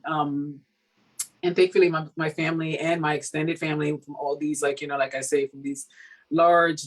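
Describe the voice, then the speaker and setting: A woman from Cameroon, an author being interviewed, talking in a casual, animated way with many fillers and laughs. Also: deep voice, poor audio. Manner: animated, laughing, full of fillers like "you know". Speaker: author guest.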